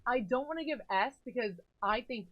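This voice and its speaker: A woman's voice: fairly high pitch, lively intonation, normal speed, a bit bright, dry recording. A young woman in casual chat, opinionated and talkative. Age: young adult. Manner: opinionated, chatty.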